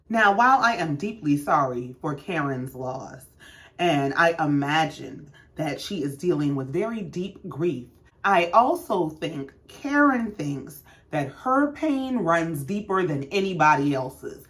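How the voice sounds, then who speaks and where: Animated sassy woman recapping reality TV. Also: lowish voice, unhurried. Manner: sassy, animated, acts out quotes in raised voices. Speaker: recap host.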